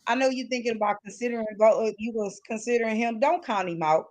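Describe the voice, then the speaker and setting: A woman's voice: a little high, fast talker, a little mellow, rough recording. A woman hosting a live podcast, talking in a blunt, emphatic way and repeating herself to hold the floor. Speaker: podcast host. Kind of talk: heated casual talk on a live call-in podcast.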